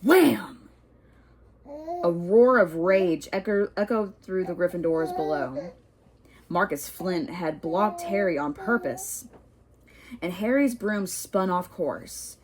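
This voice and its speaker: A woman reading a storybook aloud in an expressive way, with the odd stumble. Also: fairly low pitch. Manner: expressive, unhurried, occasional stumbles. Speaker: reader.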